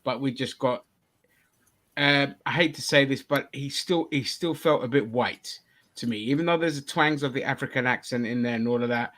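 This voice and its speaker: A man's voice: mid-range voice, moderate pace, fairly bright tone. A man hosting a casual review podcast, talking bluntly, swearing freely and steering the discussion. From England. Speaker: podcast host.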